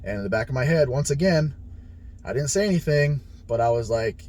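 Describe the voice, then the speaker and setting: A man's voice: mid-range voice, animated, fairly quick, darkish tone. Blunt, profane man telling a story. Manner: blunt and heavily profane, retells conversations. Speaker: powerlifter sharing his experience. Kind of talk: casual storytelling monologue.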